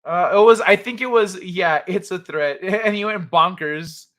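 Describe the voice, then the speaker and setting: In an unhurried, high-pitched voice, a man hosting a late-night livestream trades casual talk with his live chat. He keeps laughing and swearing while retelling stories, quoting people in lively voices.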